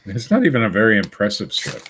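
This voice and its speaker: A man with a low, husky voice co-hosts a podcast in a relaxed, easygoing way. He laughs often and drops wry, deadpan remarks. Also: fast. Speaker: podcast co-host. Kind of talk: casual podcast banter.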